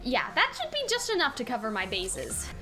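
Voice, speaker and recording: A woman's voice: a little high, huge pitch swings, over loud music, voice pushed down. Woman reading a gushing nerdy inventor. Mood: excited. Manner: rapid, gushing, self-congratulating. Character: excitable, nerdy young male inventor.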